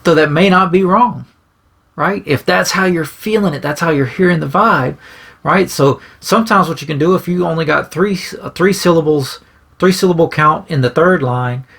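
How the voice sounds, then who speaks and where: Gravelly man rambling with "right?". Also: a little high, normal speed, a bit bright. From grew up singing bluegrass in churches. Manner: rambling, says "right?" often, restarts phrases. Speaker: songwriter. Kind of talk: casual explanatory talk to camera.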